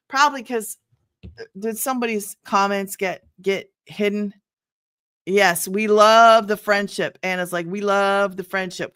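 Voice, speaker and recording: Chatty older woman hosting a livestream. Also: medium pitch. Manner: chatty and excitable, greets viewers by name, laughs often. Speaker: livestream host selling online business programs. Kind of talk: casual livestream chat with viewers.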